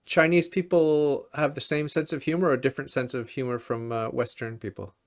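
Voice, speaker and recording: A man hosting a casual interview over a video call, friendly and quick to laugh. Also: mid-range voice, little pitch movement. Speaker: podcast host.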